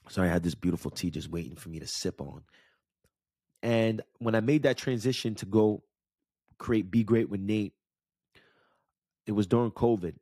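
A man's voice: fairly low pitch, darkish tone, no echo, studio quality. A man in his thirties with a New York area accent, telling a personal story in a candid, conversational way and checking in with the listener. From New York / New Jersey area. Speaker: podcast host and life coach. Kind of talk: casual storytelling monologue.

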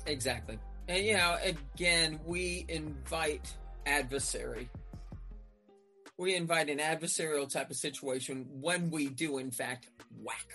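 Animated woman referee telling court stories. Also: sits low, measured pace, soft background music. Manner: animated storyteller acting out court exchanges. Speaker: basketball referee, podcast guest. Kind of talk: casual interview chat.

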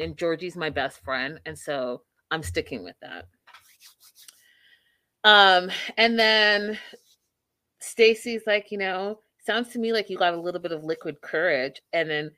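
A woman's voice: lowish voice, a bit bright. A woman hosting a casual live-stream recap of reality TV, chatty and opinionated, with many fillers.

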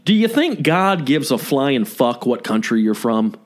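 Man, podcast co-host, heated profane ranting, swooping lively pitch. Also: a little slow. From Southern United States. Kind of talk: casual podcast chat.

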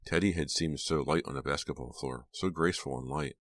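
A man reading an audiobook aloud in a steady, measured way. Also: a bass voice, creaky, no echo. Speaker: audiobook narrator. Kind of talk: scripted audiobook narration.

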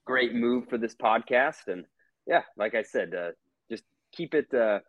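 A man's voice: mid-range voice, animated, measured pace, a bit bright, no echo, lo-fi sound. A man co-hosting a podcast, talking in an easygoing, rambling way with filler words. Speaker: podcast co-host. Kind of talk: casual podcast chat.

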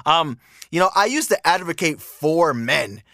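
A male podcast host rants in a casual monologue, emphatic, profane and repetitive. His voice is bright and fairly high, recorded close and dry. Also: sing-song, measured pace, no echo.

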